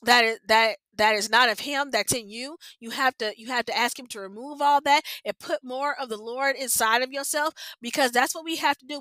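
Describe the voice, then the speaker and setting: A woman's voice: fairly high pitch, normal speed, few pauses, sharp tone, no echo. A woman hosting a podcast, giving an earnest, emotional devotional talk about her own failings, repeating herself and close to tears. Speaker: podcast host.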